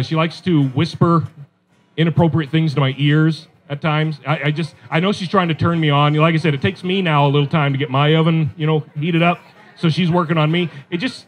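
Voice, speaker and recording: Male stand-up comic, middle-aged, high-pitched, chatty and self-deprecating, talks straight to the crowd. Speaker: stand-up comedian. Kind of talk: stand-up comedy set.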